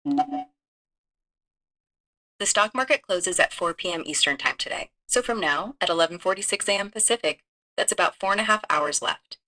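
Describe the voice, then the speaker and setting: A woman's voice: lowish voice, animated, normal speed, pauses often, bright, forceful tone. A text-to-speech woman's voice acting as a casual, eager-to-help assistant. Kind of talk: chatty synthetic assistant.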